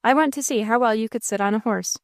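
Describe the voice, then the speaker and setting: A woman reading an audiobook voices a rough, bullying country man who speaks in a coarse rural dialect and taunts coolly. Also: on the high side, fast, no echo, clean studio sound, lightly acted. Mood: taunting. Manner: cool, taunting.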